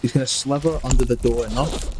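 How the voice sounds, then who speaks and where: A man's voice: medium pitch, steady tone, fairly quick, noisy background. Playful man at the game table. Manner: chatty and playful, laughs often. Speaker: player. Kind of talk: casual tabletop play.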